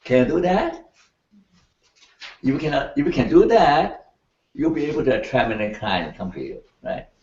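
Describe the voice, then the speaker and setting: An older man lecturing a class in an animated way, laughing and checking in with his students as he goes. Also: on the high side, normal speed, long pauses. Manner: animated, laughing, keeps asking the class "right?". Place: lecture room. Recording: echoey, distant, dull room recording.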